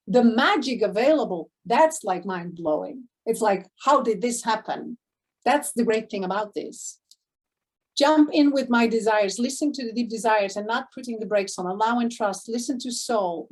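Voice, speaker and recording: A woman coach giving an enthusiastic motivational live talk to her online community, effusive, with sudden gasps and quick swings between loud and hushed. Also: a little high. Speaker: spiritual abundance coach.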